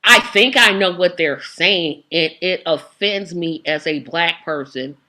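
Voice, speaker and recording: A woman hosting a casual political chat, animated and acting out the reactions she quotes. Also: on the low side, measured pace. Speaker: host.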